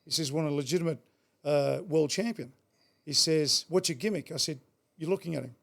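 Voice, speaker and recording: A middle-aged Australian man with a gravelly voice pitched a little high for a man. He rattles through his stories at a fast clip, blunt, swearing freely and often repeating words. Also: a bit bright. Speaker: guest. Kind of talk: casual storytelling.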